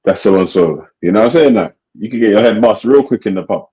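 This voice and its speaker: A man in casual, slangy, animated podcast chat. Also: on the low side, quick pace. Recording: dull lo-fi recording.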